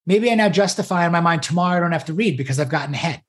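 A man's voice: fairly high pitch, lively intonation, very fast. A man co-hosting a podcast, talking through goals in a casual conversation, enthusiastic and fond of repeating key phrases. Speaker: podcast co-host.

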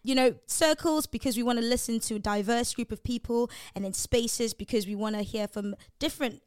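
A woman's voice: fairly high pitch, a little fast, a little mellow, no echo, clean studio sound. A woman hosting a podcast interview, talking in an easygoing, rambling way with fillers. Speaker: podcast host.

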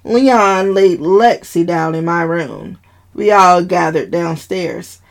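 A woman's voice: lowish voice, gravelly. Woman reading a family drama story. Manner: unhurried, expressive storytelling.

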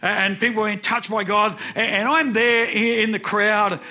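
A man's voice: high-pitched, steady tone, normal speed, bright, forceful tone. A man in his sixties preaching a sermon, telling personal stories earnestly and repeating words for emphasis. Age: 60s.

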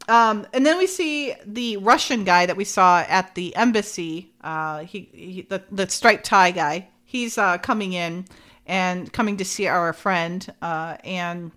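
A woman's voice: lowish voice, unhurried, fairly bright tone. A woman chatting casually as she recaps a TV episode, giggly and full of fillers. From United States. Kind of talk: casual show recap chat.

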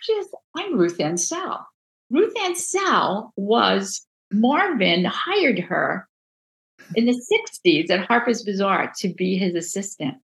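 Gravelly New Jersey woman telling stories. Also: medium pitch, slow pace, poor audio. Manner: animated, acts out quoted voices, many restarts. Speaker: book designer, guest. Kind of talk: casual interview storytelling.

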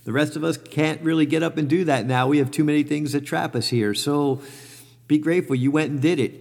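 A man's voice: on the high side, brisk, gravelly, a little mellow, big-room sound. A middle-aged man talking candidly about his life and mindset, rambling with many fillers and self-corrections. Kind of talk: reflective personal monologue.

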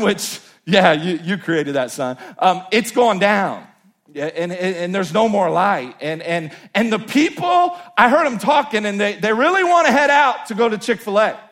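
Guy doing a loud, high, stammery bold disciple, wheedling nonstop. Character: brash, bold male disciple Peter pleading with his teacher.

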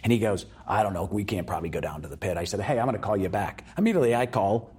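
Raspy low guy telling a story on an interview, doing all the voices. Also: rapid-fire, soft background music. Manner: animated storyteller acting out quoted voices. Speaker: guest.

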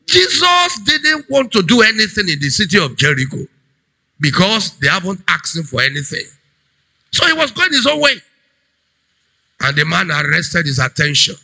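A man preaching a sermon as a pastor, emphatic, swinging between loud cries and low urgent tones. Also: sing-song, normal speed, gravelly, low-quality recording.

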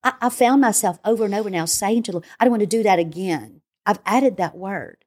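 Grandmotherly woman Bible teacher, earnest and emphatic, middle pitch. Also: brisk, darkish tone. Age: older, a grandmother. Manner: earnest, emphatic, repeats phrases in lists. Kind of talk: devotional podcast interview.

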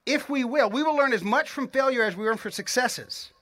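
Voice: mid-range voice, expressive, brisk, a bit bright. A pastor preaching an earnest, encouraging sermon in a mid-range voice. The delivery is conversational and direct, aimed straight at the listeners, with frequent repeated words as thoughts restart. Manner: encouraging, addresses the congregation directly.

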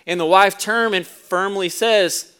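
A man preaching a sermon to a congregation, telling a story with the voices of its people and moving between soft, low passages and loud, emphatic ones. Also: fairly even intonation, unhurried, clear, resonant tone. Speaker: pastor.

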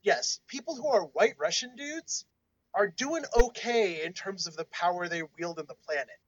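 Male podcast co-host, high voice, explainer type, dry close sound. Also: lively intonation, normal speed, no echo, poor audio. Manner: explanatory, lecturing tone. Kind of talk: casual discussion.

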